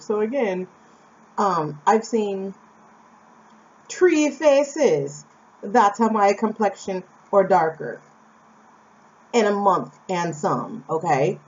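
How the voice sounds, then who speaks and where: A woman's voice: medium pitch, big pitch swings, a little slow, long pauses, a little mellow. A young American woman from Phoenix, telling a personal story in a chatty, casual way with asides to the viewer. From Phoenix, Arizona, USA. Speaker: vlogger. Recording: slightly dull lo-fi recording.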